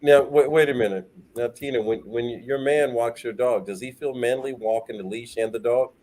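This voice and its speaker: A man's voice: mid-range voice, normal speed, darkish tone. A man co-hosting a casual live stream, teasing and quizzing the others. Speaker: co-host.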